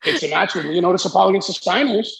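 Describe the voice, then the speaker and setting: A husky, slightly bright, high male voice with vocal fry comes through a low-quality recording, very fast and animated. The speaker, a Canadian wrestling executive in his forties, is an interview guest, telling animated stories and acting out their characters with casual swearing.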